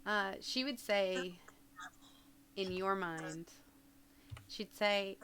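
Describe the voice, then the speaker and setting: A woman's voice: mid-range voice, very slow, long pauses, a bit bright, a little hiss or hum. A woman playing a tabletop game, chatting casually and playfully, laughing often. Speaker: player. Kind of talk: casual tabletop play with in-character dialogue.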